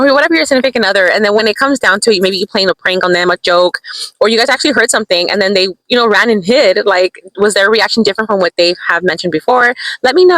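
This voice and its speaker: A bright, sharp-voiced young woman rattles off a casual storytime vlog at a quick clip. She is animated and excitable, jumping into little asides to her viewers. The sound is dry and close. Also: mid-range voice, dry recording, rough recording. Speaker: vlogger. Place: in a parked car.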